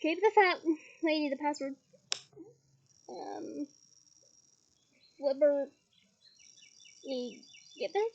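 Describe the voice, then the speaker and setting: Woman reader, high voice, chatty asides, lo-fi home recording. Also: slow, creaky, long pauses. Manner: breaks off with chatty asides and laughs at slips. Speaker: audiobook reader. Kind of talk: reading a novel aloud.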